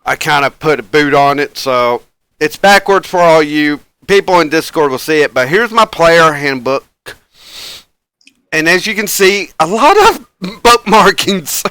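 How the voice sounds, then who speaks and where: A man's voice: on the high side, expressive, measured pace, bright, forceful tone, smooth, no room sound. A man hosting a live tabletop game stream, chatting casually and rambling with frequent chuckles and fillers. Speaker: game master and stream host.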